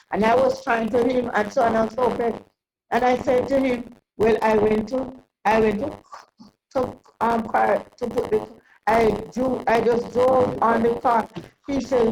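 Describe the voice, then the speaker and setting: An older woman telling a long personal story in an interview, rambling and halting with many restarts. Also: fairly high pitch, fairly even intonation, gravelly, darkish tone, a little hiss or hum, poor audio. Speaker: interview guest. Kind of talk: casual storytelling.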